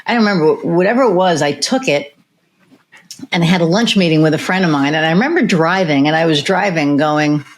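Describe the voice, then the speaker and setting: Chatty woman podcast host, lower voice. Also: fairly quick. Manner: rambling, storytelling with many fillers and restarts. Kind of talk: casual interview chat.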